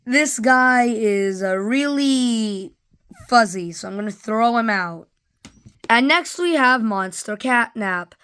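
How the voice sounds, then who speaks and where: A woman's voice: mid-range voice, fairly bright tone. A woman casually reviewing toys in a rambling, offhand way, full of fillers. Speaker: toy reviewer. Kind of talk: casual product review vlog.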